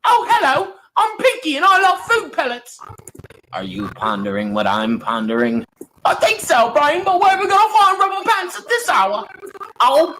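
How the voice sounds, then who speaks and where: A man doing an old video of quick-fire cartoon voice impressions, jumping between exaggerated characters. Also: high-pitched, bright, forceful tone, slight background noise, pitched above the performer's own voice, heavily acted, poor audio.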